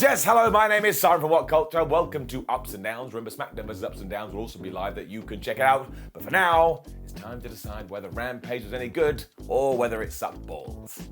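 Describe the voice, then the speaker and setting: Man, wrestling show reviewer, excitable, jokey, animated pitch, faint music behind. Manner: excitable, jokey, self-mocking. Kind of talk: enthusiastic solo review. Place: lounge at home.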